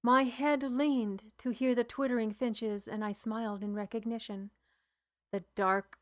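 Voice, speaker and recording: A woman narrating a novel in the first person, in a measured, hushed storytelling manner. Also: medium pitch. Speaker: audiobook narrator.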